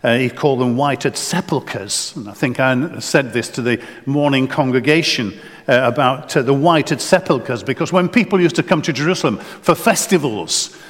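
A man's voice: mid-range voice, moderate pace. A man preaching a sermon in earnest, often repeating words and restarting phrases. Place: church. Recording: long church reverb.

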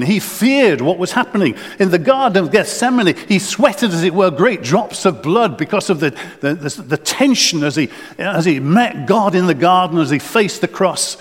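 A man's voice: sits high, animated, moderate pace, few pauses. A man preaching a sermon in earnest, often repeating words and restarting phrases. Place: church. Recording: long church reverb.

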